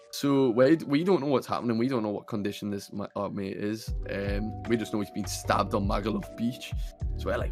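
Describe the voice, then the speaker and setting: A man's voice: lowish voice, fairly even intonation, fast, a little mellow, soft background music. A young man hosting a podcast, telling a story in a rambling, sweary way full of fillers. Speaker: podcast host. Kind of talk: casual storytelling. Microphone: computer camera mic.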